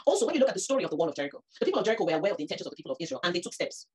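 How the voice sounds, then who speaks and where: A woman's voice: fairly low pitch, very fast, husky. A woman, preaching a sermon that rises to emphatic peaks. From Nigeria. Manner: animated, rising to emphatic peaks.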